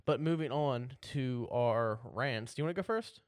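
A man's voice: mid-range voice, normal speed, clear, resonant tone, no echo, clean studio sound. A young man co-hosting a podcast, joking and bantering playfully in casual chat. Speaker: podcast co-host.

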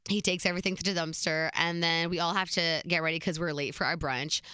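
Woman, 20s, chatty storytime voice, crisp and dry. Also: on the low side, fast talker, dry recording. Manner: chatty, animated, laughs between beats. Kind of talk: casual storytime.

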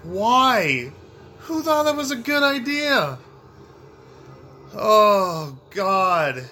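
A man's voice: high voice, sing-song, extremely slow, pushed and bright. Exasperated swearing man playing a video game. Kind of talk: casual gameplay commentary.

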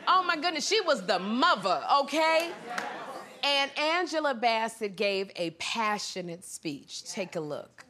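A woman talk show host doing a comedic monologue on the news, animated and laughing, slipping into squeaky high impressions. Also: measured pace, a crowd in the background. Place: television studio with live audience. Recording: studio audience cheering and noise behind.

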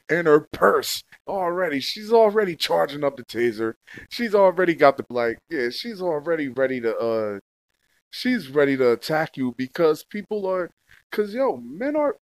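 A man's voice: mid-range voice, no echo. A young man in a casual, heated rant, full of slang and swearing, repeating himself as he goes. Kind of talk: casual profane rant to camera.

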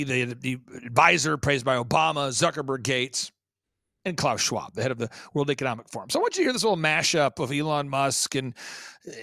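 A man talks as a show guest, emphatic and insistent, piling up rhetorical questions and tripping over repeated words. His voice sits high and swings widely in pitch. The sound is dry and close, with no room around it. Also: vocal fry, fairly bright tone, dry recording. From Oklahoma. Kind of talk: conspiracy talk-show commentary.

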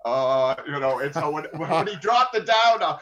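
In this conversational interview, the captain's fairly high, slightly bright voice moves at normal speed with lively intonation as he tells his hostage story plainly and with dry humor. He uses lots of fillers and restarts, and the audio is dull and lo-fi.

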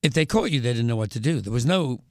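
An older English man, a musician and author, telling wry anecdotes as a guest in an interview, pausing and restarting as he goes. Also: mid-range voice, lively intonation, dry recording, clean studio sound. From England. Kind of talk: conversational storytelling interview.

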